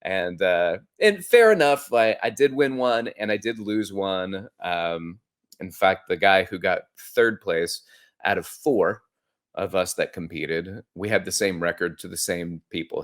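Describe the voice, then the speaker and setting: A man hosting a podcast, telling a personal story in an earnest, conversational way that grows animated when he quotes others. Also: on the low side. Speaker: podcast host. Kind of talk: reflective storytelling monologue.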